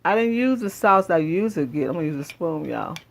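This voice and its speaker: A woman's voice: lowish voice, animated, fast, gravelly. A woman hosting her own cooking channel in her home kitchen, chatting straight to viewers and repeating her praise as she cooks. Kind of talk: casual cooking demonstration.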